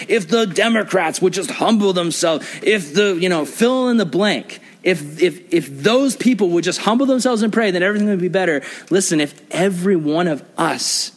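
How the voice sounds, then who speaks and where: A man's voice: high voice, animated, fairly quick, few pauses, long reverb tail. A young man preaching a sermon to a youth group, talking conversationally and asking the group questions. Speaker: youth pastor.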